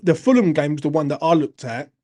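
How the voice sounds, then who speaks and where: Thirties bloke, fan-channel live host, slightly high voice with a warm, dark tone, sweary and chatty. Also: male voice, lively intonation, fast talker. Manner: blunt, sweary, chatty, addresses viewers as mate. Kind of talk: live-stream fan chat, reading viewer comments.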